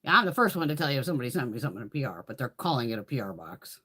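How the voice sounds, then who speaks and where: A woman's voice: very deep voice, big pitch swings, racing, sharp tone, slightly rough. A woman hosting a beauty livestream, rambling casually with lots of swearing and laughter. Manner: rambling, profane, laughs often. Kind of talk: casual livestream chit-chat.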